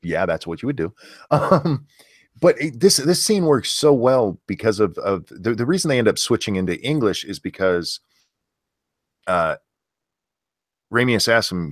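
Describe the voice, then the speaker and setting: A man discussing a movie as a podcast co-host, relaxed and hesitant with fillers and the odd swear. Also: on the low side, measured pace, long pauses, no echo, studio quality.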